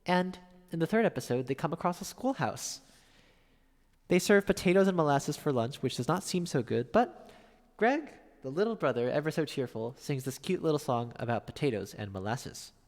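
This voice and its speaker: A man's voice: on the high side, expressive, moderate pace, darkish tone, in a large hall. A man live-streaming a piano session, chatting casually between songs, reading out viewer chat and thanking viewers.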